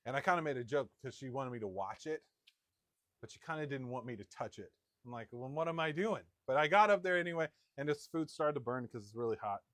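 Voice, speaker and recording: A middle-aged man preaching a sermon in a conversational storytelling manner, with quick asides. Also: medium pitch, a bit bright, no echo, clean studio sound. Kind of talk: sermon with personal anecdote.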